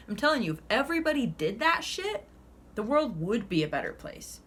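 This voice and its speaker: A woman's voice: a little high, very animated, normal speed, a little hiss or hum. A young woman doing a casual tarot reading, ranting and swearing heavily with lots of energy. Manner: ranting, heavy swearing, fired up. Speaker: tarot reader.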